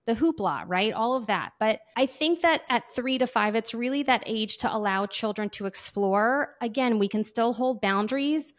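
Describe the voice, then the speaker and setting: A woman's voice: on the high side, moderate pace, hardly any pauses. A woman talking casually about parenting, often acting out children's and parents' voices. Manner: animated, acts out kids' and parents' voices. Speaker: parenting guest. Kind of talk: casual conversational advice.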